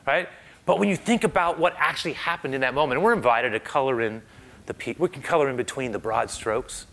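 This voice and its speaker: Male pastor, bright and forceful, conversational sermon delivery. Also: medium pitch, fairly quick, gravelly. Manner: conversational, animated storytelling with frequent "right?".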